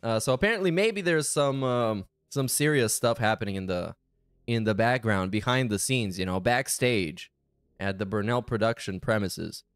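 A man's voice: on the low side, normal speed, clean tone, dry recording, clean studio sound, soft background music. A man hosting a casual reaction commentary, sarcastic, profane and exasperated. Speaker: commentary channel host.

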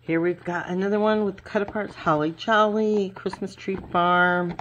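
A woman's voice: mid-range voice, steady tone, normal speed, fairly bright tone, dull audio, a little hiss or hum. A middle-aged woman chatting casually at her home craft table as she unboxes papers, gushing over each sheet with plenty of fillers. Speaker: craft vlogger. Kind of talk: casual unboxing show-and-tell.

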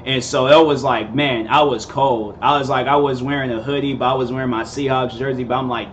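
A man's voice: medium pitch, steady tone, a little fast, hardly any pauses, slight background noise. A young man in his twenties telling a rambling, casual story, full of fillers and laid-back slang. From Seattle area, USA. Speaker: vlogger host.

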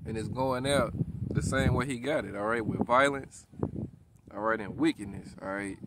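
Man preaching outdoors over loud wind. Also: medium pitch, moderate pace. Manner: peppers talk with "all right?" and "you know what I'm saying"; reads scripture in old formal wording. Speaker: street preacher. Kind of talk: preaching outdoors with scripture readings. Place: outdoors in a rural spot. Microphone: self-filmed camera.

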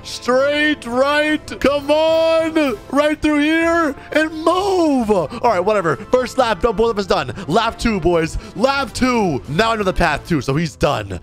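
High, lively young man gaming. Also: takes it slowly, hardly any pauses, faint music behind. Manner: excitable, talks to his viewers as "boys". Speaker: gaming video host. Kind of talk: excited gameplay commentary.

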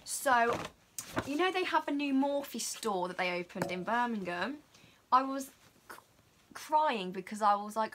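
Teenage girl, dramatic, gushing, quick, bright. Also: on the high side, lively intonation, a little hiss or hum. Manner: gushing, dramatic, fast-talking. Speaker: beauty vlogger. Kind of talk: excited haul chat.

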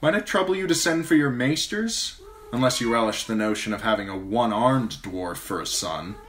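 A man's voice: mid-range voice, expressive, moderate pace, a bit bright, slight background noise, voice pushed up, lightly acted. A man reading an audiobook, voicing a bitter, sarcastic wounded dwarf lord in a raised, clipped voice. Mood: pained.

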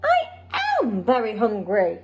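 A woman voicing a huge, hungry, forgetful male giant, booming slowly and sobbing in a storybook. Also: wildly swooping pitch, a little mellow, slight background noise. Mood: sad.

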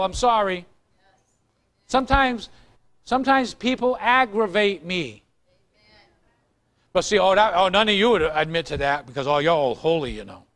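A male pastor preaches in a high voice, loose and chatty, cracking jokes and teasing his congregation between points. He speaks to a live church crowd. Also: fairly bright tone. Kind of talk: sermon. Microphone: recorded on tape in the room.

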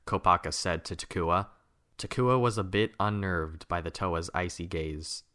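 A man reading a storybook chapter aloud in a steady, measured way. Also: deep voice, clear, resonant tone. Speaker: narrator. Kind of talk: storybook narration.

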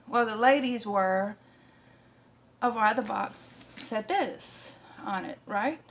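A woman's voice: fairly high pitch, fairly bright tone. A woman vlogger chatting casually through an unboxing, laughing often, using salty language and getting emotional while thanking friends. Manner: emotional, near tears when thanking.

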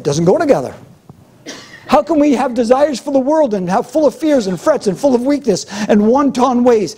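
High, husky-voiced male preacher. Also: dark tone. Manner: fervent, repetitive preaching cadence. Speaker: pastor. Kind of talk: sermon.

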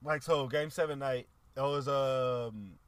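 A man's voice: medium pitch, takes it slowly, no echo. A man co-hosting a podcast, telling a long casual story full of slang and swearing. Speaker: podcast co-host. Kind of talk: casual chat.

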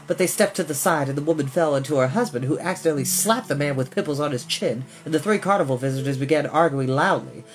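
A man reading a children's novel aloud, expressive and doing voices for the characters. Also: on the high side, fast, few pauses, soft background music. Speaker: storyteller.

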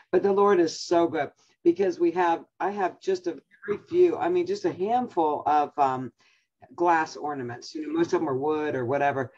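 An older woman with a husky voice, a Bible teacher chatting and telling a family story with frequent laughter before her message, over a video call. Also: deep voice, darkish tone, lo-fi sound.

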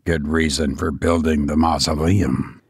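A man voicing a grim, brooding older male banker who speaks low, slow and relentlessly. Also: little pitch movement, a little mellow, slightly rough, no echo, studio quality, heavily acted.

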